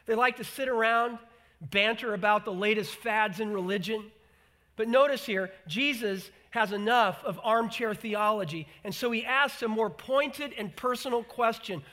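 A man preaching a sermon in an animated way, acting out the voices he quotes and repeating words for emphasis. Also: sits high, normal speed. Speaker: pastor.

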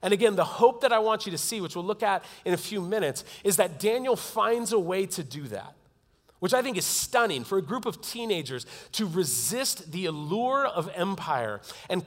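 Earnest preaching man in a reverberant hall. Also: high-pitched. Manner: earnest, swings from loud to hushed. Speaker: pastor. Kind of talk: sermon.

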